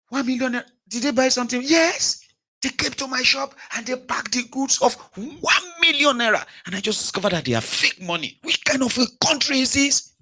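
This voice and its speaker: A man's voice: very high voice, lively intonation, moderate pace, sharp tone, voice pushed up, exaggerated voice. A man voicing an outraged shopkeeper with a Nigerian accent who whines that the country is finished. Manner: exclamatory, whining and melodramatic.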